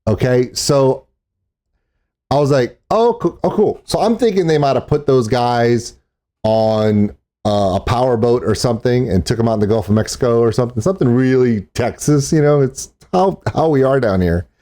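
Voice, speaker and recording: A man's voice: medium pitch, lively intonation, normal speed, mellow. A man chatting casually as a vlogger, self-deprecating and talkative. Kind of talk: casual vlog narration. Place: outdoors in a parking lot.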